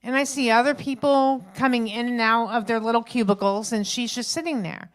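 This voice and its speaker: A woman, a grandmother around her fifties, tells a chatty, animated stand-up story at an open mic, acting out the people in it. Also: fairly high pitch, fairly quick. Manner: chatty, animated retelling with acted-out quotes. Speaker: stand-up comedian. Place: open mic stage at a local venue.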